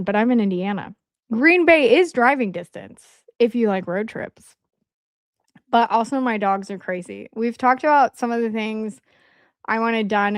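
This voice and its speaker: A woman's voice: medium pitch, smooth, no room sound, clean studio sound. A woman co-hosting a stream from her computer at home, chatting casually and rambling through personal stories. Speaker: podcast co-host. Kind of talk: casual livestream chat.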